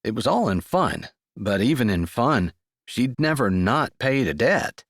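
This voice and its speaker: A man narrating a sweet romance audiobook in a scripted, expressive reading. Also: mid-range voice, unhurried, no room sound, clean studio sound.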